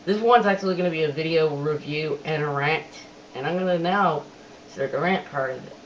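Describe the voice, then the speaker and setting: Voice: medium pitch, fairly quick. Chatty reviewer on a distant, dull webcam mic. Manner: chatty, repeats "I gotta admit", animated quoting. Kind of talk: casual webcam review and rant. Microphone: webcam microphone. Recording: distant dull webcam audio, faint hiss.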